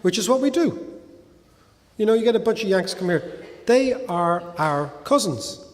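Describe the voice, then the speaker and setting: A middle-aged man with a Dublin Irish accent, speaking to an audience in a lively, conversational way, peppering points with "right?". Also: high-pitched, normal speed. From Ireland. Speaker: guest speaker. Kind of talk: talk with audience Q&A. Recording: hall reverb.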